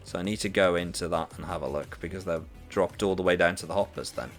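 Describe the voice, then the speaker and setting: A Norwegian man speaks English with a British accent he learned growing up. His voice sits on the low side as he chats casually, stopping and restarting often, with faint music in the background. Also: quick pace. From Norway. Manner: hesitant, many fillers and restarts. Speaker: streamer, teacher. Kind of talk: casual chat while gaming.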